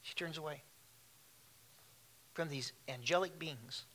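A man's voice: on the high side, slow, bright, forceful tone. A man preaching a sermon in a conversational way, with asides and questions to the congregation. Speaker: pastor.

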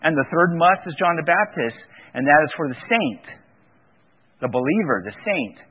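A man's voice: on the high side, big pitch swings, moderate pace, slightly rough. A man preaching a sermon, driving points home by repeating key words. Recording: tinny phone-like radio broadcast.

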